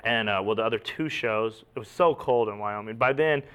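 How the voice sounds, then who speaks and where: A man telling stand-up road stories in casual chat, animated and swearing freely. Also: on the low side, brisk, clear, resonant tone, muffled recording. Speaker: stand-up comedian, podcast guest.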